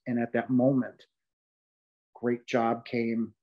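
On dull-sounding audio, a man speaking at a normal pace in a mid-range voice earnestly tells a podcast interviewer how he almost died. He leans into his words with heartfelt emphasis while restarting often and filling pauses.

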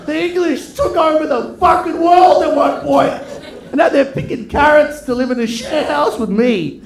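A man doing a stand-up comedy set, brash and profane, teasing the crowd and breaking into shouts. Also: very high voice, normal speed. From Melbourne, Australia. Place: comedy club stage.

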